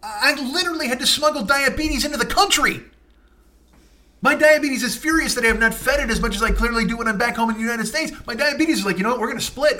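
A man hosting a podcast alone, ranting in a profane, exasperated way and jumping into shrill mock outrage. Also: sharp tone. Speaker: podcast host. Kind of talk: solo comedic rant.

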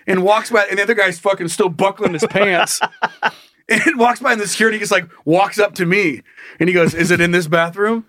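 A man's voice: high-pitched, a little fast, fairly bright tone, no room sound, clean studio sound. A man in casual chat, telling a story with lots of swearing and laughter.

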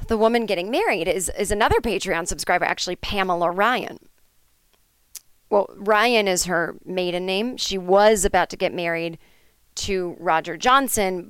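A woman's voice: on the low side, fairly bright tone, clear, resonant tone, no echo. A woman hosting a podcast, telling an improvised comic story in a rambling, chatty way with lots of fillers and asides. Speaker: podcast host.

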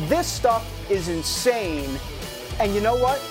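A woman's voice: medium pitch, lively intonation, takes it slowly, music in the background. A woman hosting a talk show, delivering a sarcastic, mocking opinion monologue and interviewing a guest.

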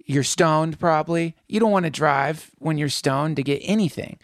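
A man co-hosting a podcast in casual chat, telling stories with jokey, animated riffs. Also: fairly high pitch, moderate pace, no echo, studio quality. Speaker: podcast co-host.

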